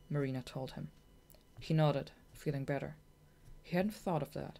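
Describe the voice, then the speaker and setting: A woman narrating a children's audiobook in a measured, gentle storytelling manner. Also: low voice, steady tone, creaky.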